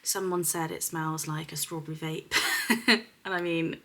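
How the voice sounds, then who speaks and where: A young woman from the UK, a beauty vlogger, chatting casually to camera about perfumes, giggly and dropping into soft whispers. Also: sits low, steady tone, unhurried. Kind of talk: casual fragrance review to camera.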